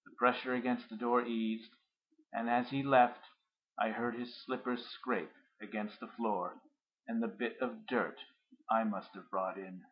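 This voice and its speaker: A man narrating a first-person story in a measured, reflective way. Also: medium pitch, level tone, lo-fi sound.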